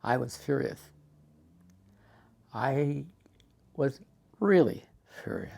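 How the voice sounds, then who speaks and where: An older man casually telling a memoir story, unhurried with frequent "uh" fillers. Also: medium pitch, expressive, creaky. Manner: unhurried storytelling, many "uh" fillers, acts out quoted dialogue. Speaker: storyteller recounting his life.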